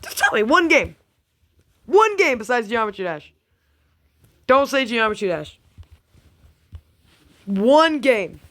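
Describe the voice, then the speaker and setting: A woman's voice: fairly high pitch, very animated, slow pace, long pauses, fairly bright tone. Rambling, giggly young woman vlogger. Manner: rambling, giggly, teasing, trails off. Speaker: gaming YouTuber. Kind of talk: casual chat to camera.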